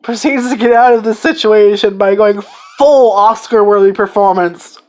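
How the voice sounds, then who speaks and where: Woman gushing about an anime, rambly and sweary, retells scenes all excited. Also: medium pitch, normal speed. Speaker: anime reviewer. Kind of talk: casual spoken review.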